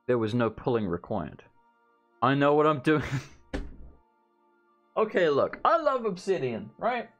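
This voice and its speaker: A man's voice: medium pitch, sing-song, a little slow, long pauses, fairly bright tone, muffled recording, faint music behind. Sarcastic joking gamer man. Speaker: let's play host. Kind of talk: casual gameplay commentary.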